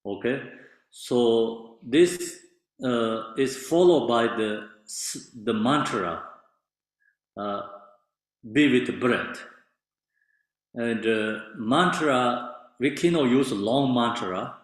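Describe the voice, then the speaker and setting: A man teaching meditation in halting non-native English with many fillers, explaining patiently. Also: medium pitch, animated. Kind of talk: meditation instruction. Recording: very echoey room.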